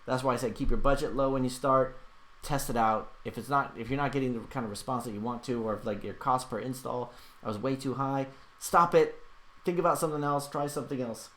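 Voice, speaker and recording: A man's voice: mid-range voice, steady tone, fairly quick, fairly bright tone. A man hosting a casual livestream, reading out chat questions and answering them in a rambling way, with lots of fillers and restarts.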